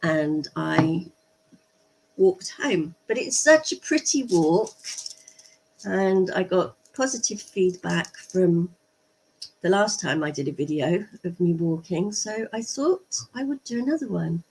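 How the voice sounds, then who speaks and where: A woman's voice: fairly low pitch, lively intonation, slow, a little mellow, slight background noise, low-quality recording. A middle-aged English woman chatting to viewers in a rambling way as she walks outdoors, recorded on a handheld camera. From England. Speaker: vlogger. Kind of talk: casual vlog commentary. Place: outdoors on a walk.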